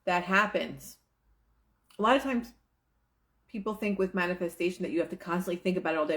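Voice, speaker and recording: A woman's voice: on the low side, fairly quick, pauses often, fairly bright tone. A woman reading aloud from a self-help book and breaking off into casual, chatty commentary, slipping into quoted inner voices. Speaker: manifestation coach.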